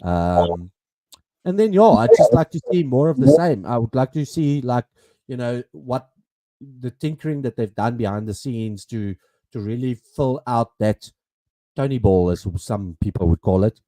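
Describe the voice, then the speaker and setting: A man's voice: mid-range voice, animated, normal speed, mellow, no room sound. A man co-hosting a casual podcast, talking hesitantly with many fillers and restarts. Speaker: podcast co-host. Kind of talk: casual chat.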